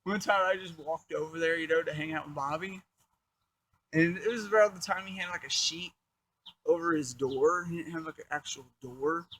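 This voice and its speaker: A man's voice: a little high, normal speed, fairly bright tone, a little hiss or hum, rough recording. A young man telling a crude life story in a casual, rambling, profane way, full of fillers.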